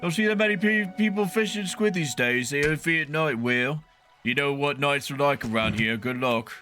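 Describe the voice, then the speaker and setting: A man voicing a gruff fishmonger in a fishing game, reading the lines aloud in a slightly raised voice. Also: fairly high pitch, normal speed, sharp tone, soft background music. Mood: weary warning.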